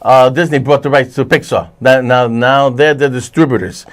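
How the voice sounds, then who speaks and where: A man's voice: medium pitch, steady tone. A man hosting a casual chat about movies and TV, rambling with many restarts and self-corrections. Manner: puts on quick voices when retelling scenes. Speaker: host.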